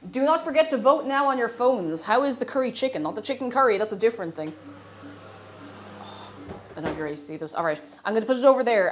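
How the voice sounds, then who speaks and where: A woman streamer, chatting casually while cooking on a live stream, playful and often breaking off mid-sentence. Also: mid-range voice. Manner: chatty, self-interrupting, playful.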